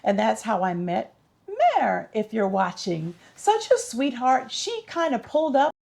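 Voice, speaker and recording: A woman's voice: on the high side, animated, measured pace, creaky, darkish tone. A woman vlogger giving casual tips in an upbeat, chatty, instructive way.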